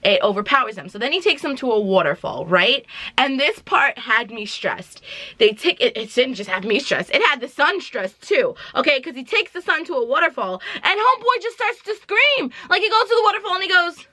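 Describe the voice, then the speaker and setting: A woman's voice: high voice, animated, fairly quick, bright, forceful tone, no room sound. A woman vlogger casually retelling a film plot, with dramatic slang-filled asides. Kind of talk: casual chatty movie recap.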